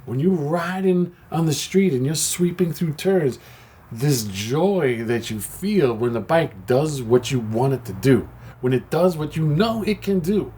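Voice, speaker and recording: A man talks candidly and with passion, rambling as his thoughts come. His voice is husky, and his pitch swings widely as he speaks. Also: lively intonation, unhurried, warm tone. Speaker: parts maker and shop owner. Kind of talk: candid personal video talk.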